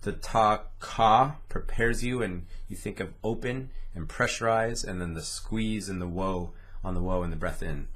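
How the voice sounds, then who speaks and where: A man's voice: low-pitched, measured pace, few pauses, fairly bright tone. A man teaching a didgeridoo lesson, patiently explaining a rhythm step by step and speaking its syllables aloud. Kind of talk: instructional lesson, talking through rhythms.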